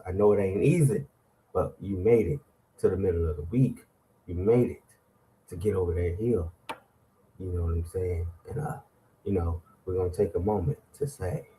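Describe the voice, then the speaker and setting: A man's voice: low-pitched, dark tone, a little hiss or hum. A middle-aged man, hosting a morning show with preachy, call-and-response motivational talk.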